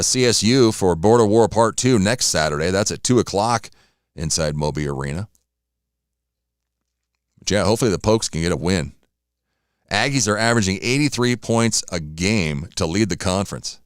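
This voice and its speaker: A man's voice: fairly low pitch, clear, resonant tone, dry recording, studio quality. A man hosting a morning radio show, chatting casually on his own, rambling between sports scores and snacks. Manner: rambling, chatty, talks while eating. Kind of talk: casual solo radio talk.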